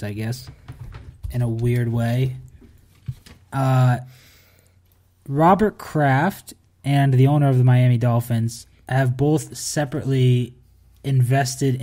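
A man's voice: mid-range voice, dark tone. A man co-hosting a podcast, explaining things at length in casual chat with fillers and wry jokes. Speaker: podcast co-host.

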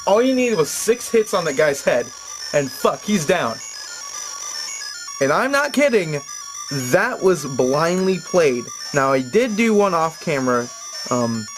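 A young man doing let's-play commentary, joking, rambling and swearing, sometimes bursting into loud excited yells. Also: mid-range voice. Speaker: let's player. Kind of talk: video game commentary. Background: game music.

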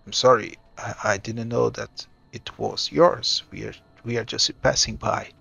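A man's voice: medium pitch, steady tone, measured pace, gravelly, pushed and bright, breathy edge, no room sound, heavily acted. Man doing a reluctant young adventurer. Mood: apologetic. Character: wary young adventurer man, injured ankle.

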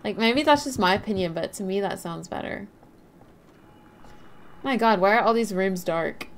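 A woman's voice: mid-range voice, moderate pace. A woman live-streaming a game, chatting casually, rambling and reading out and answering her chat. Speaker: livestreamer.

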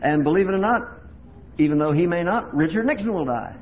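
A man preaching a sermon in a folksy storytelling way, moving from quiet chat to loud, fervent preaching. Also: sits high, lively intonation, a little fast. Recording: tinny lo-fi tape with faint hiss.

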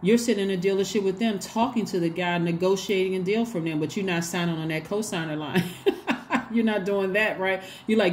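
A woman's voice: medium pitch, a little fast, a little hiss or hum. A woman giving a casual tarot reading to her viewers, chatty and repetitive, often acting out little bits of dialogue. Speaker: tarot reader.

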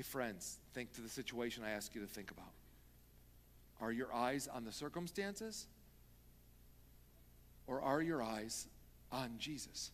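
A man preaching a sermon as pastor, moving from hushed talk to loud pleading. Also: medium pitch. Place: church sanctuary. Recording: long reverb of a church hall.

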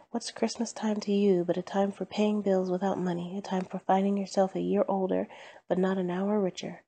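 A woman's voice: medium pitch, mellow, breathy edge. A woman voicing a grumpy, miserly old man in a storybook reading, curt and scornful.

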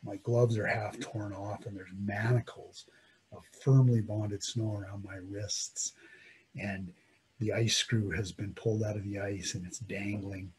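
A low-pitched man tells his own survival story with vivid intensity. He swings between loud, urgent emphasis and quiet, hushed passages. A faint hiss sits under the recording. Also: flat delivery, measured pace. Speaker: mountaineer telling his story. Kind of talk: dramatic first-person storytelling.

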